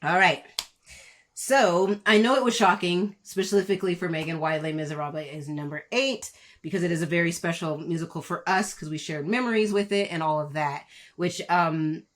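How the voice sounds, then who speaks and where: A woman's voice: lowish voice, moderate pace. A woman co-hosting a casual game chat over a video call, talking playfully, giggling, with fillers. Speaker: co-host.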